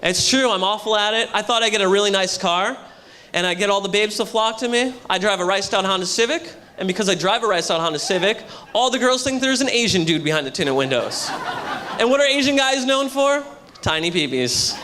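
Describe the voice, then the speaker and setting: Bright, high-voiced young male comic. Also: animated, brisk, slight background noise. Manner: brash, loud crowd work. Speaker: stand-up comedian. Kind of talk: stand-up comedy set. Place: hotel comedy show before a live audience. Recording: live room with audience.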